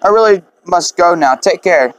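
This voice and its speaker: A man's voice: sits high, lively intonation, moderate pace, dry recording, low-quality recording. A man voicing a reluctant young debt collector. He speaks in a polite, hesitant and apologetic way while reading the game's dialogue aloud.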